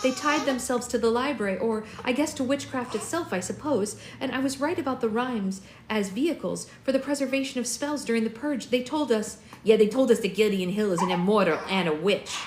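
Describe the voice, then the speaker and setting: An eager young woman scholar, high and excited, tumbling over her words, as a woman puts her on while reading aloud. The room sounds roomy, with a faint hiss behind. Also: brisk, hardly any pauses, close to an everyday voice. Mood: earnest.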